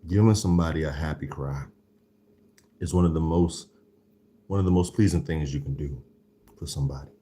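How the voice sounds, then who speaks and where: A man voicing a smooth-talking love doctor character in a deliberately deepened voice, crooning slowly to the ladies during a food tasting show. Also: mellow. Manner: slow, crooning address to the ladies.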